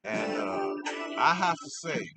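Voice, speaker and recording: A middle-aged man, high, rambling casually and repeating himself as he reviews cannabis on his vlog. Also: very animated, slow, over loud music. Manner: meandering, repeats himself, laid-back.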